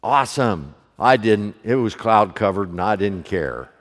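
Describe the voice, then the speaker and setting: A middle-aged man preaching a sermon to his congregation, moving from hushed storytelling to loud, fervent preaching. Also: lowish voice, animated, unhurried. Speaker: pastor. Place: church sanctuary, also streamed online. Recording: long hall reverb.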